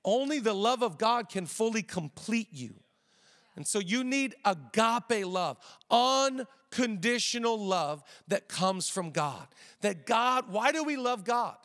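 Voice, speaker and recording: A man's voice: high-pitched, animated, slow, fairly bright tone, big-room sound. A middle-aged male pastor preaching a conversational sermon, repeating phrases and joking with the congregation. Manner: conversational preaching with repetitions and jokes. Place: church auditorium.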